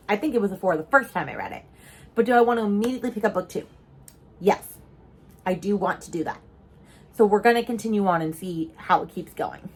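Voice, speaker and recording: A young woman vlogging casually about a book she is reading, chatty and animated, with mock-outraged asides and casual swearing. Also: medium pitch.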